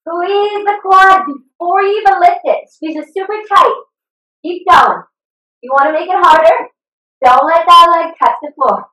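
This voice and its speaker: A woman's voice: very high voice, unhurried, sharp tone, recorded from a distance. A woman fitness instructor leading a live online workout, upbeat and encouraging, cheering her class on with whoops. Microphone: video call computer mic. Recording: echoey room, voice a bit off-mic.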